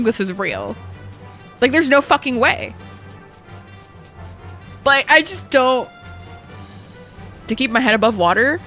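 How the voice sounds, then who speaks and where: Animated young woman streamer, bright and profane. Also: a little high. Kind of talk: casual live-stream chat while gaming.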